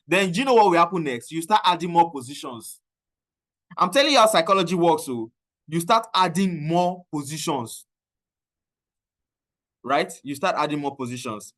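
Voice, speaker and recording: A man with a Nigerian accent telling a casual, animated story about trading and often mixing in Pidgin. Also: on the high side, normal speed, pauses often. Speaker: trading coach. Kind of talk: casual talk.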